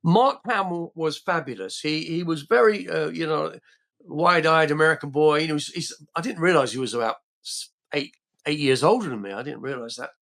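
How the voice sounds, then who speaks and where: A man's voice: fairly high pitch, normal speed, gravelly, a bit bright. An older man from England, a podcast guest telling rambling anecdotes in a casual way, full of restarts and fillers.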